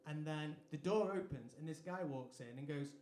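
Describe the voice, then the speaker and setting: A man's voice: on the high side, normal speed, a little mellow. An English man, a singer-songwriter performing live, telling a chatty, self-deprecating anecdote on stage between songs. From England. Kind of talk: onstage storytelling between songs. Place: live music venue stage. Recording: echoey live venue sound.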